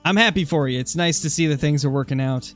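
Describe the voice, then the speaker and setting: A man's voice: fairly high pitch, fast talker, a bit bright. Chatty streamer man with music behind. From Oregon, USA. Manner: chatty, answers chat comments while hunting. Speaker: gaming streamer. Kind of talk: casual live-stream commentary.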